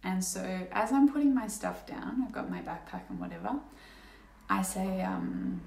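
Chatty young woman with a gravelly edge. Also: mid-range voice, lively intonation, moderate pace, a little mellow, far from the mic. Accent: Australian. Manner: chatty, rambling, many fillers and restarts. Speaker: vlogger. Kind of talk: casual chat to camera. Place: indoor room at home. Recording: echoey room, slightly off-mic.

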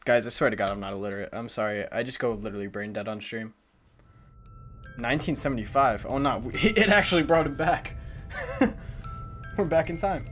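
A man's voice: mid-range voice, moderate pace, pauses often, fairly bright tone, soft background music. A young man streaming a game, joking and self-deprecating as he talks to his chat. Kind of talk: casual game commentary.

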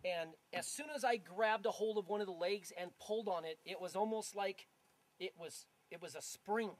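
High-voiced man telling a rowdy story. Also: normal speed. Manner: animated, profane, repeats himself. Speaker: interviewee telling an accident story. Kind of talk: casual storytelling chat. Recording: heavy background noise.

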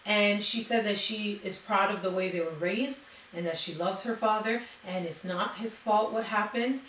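A woman tells a true crime story in a loose, chatty way, reading quotes aloud and dropping in "like" as she goes. Her voice sits at a middle pitch. She sounds a little far from the mic, in an echoey room with a faint hiss behind her. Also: moderate pace, a bit bright. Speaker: true crime video host. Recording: roomy, distant mic with faint noise.

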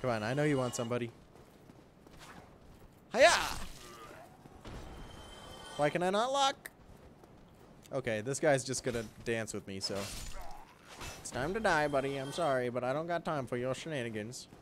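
A young man streaming a game, chatting with viewers in a relaxed, joking way and breaking into loud yelps and laughs. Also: medium pitch, moderate pace, long pauses, slight background noise. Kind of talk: gameplay commentary.

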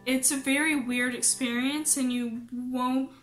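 A young woman talking casually to camera from her home office, halting with many ums and holding back tears as she speaks. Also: high-pitched, steady tone, a bit bright, faint music behind. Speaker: vlogger.

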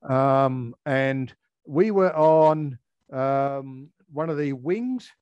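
An older Australian man, a former air force firefighter, telling a story in an interview, halting with many ums and restarts. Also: mid-range voice, expressive, darkish tone, clean tone, no echo, muffled recording.

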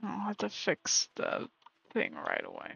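A woman's voice: mid-range voice, wildly swooping pitch, a little slow, vocal fry, fairly bright tone, slightly rough, no echo. A woman streaming a game, chatting casually and muttering to herself, sometimes dropping to a whisper. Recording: slightly muffled lo-fi stream audio. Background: faint game music.

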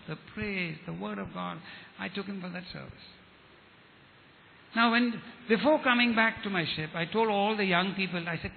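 A man's voice: high-pitched, vocal fry, a little hiss or hum. A man giving a testimony sermon as an evangelist, telling stories with quoted dialogue and repeating his words. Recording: tinny phone-like sound with hall reverb.

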